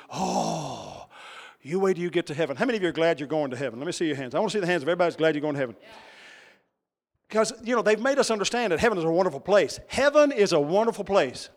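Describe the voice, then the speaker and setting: Male preacher, high voice, folksy storyteller working the congregation, long hall reverb. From Texas. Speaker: pastor. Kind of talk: sermon.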